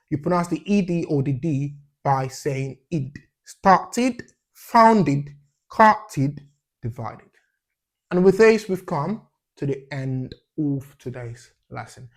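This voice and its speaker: A man, his voice a little high, leads an English pronunciation class. Each sound gets repeated as a drill, and each point ends with a questioning "yeah?"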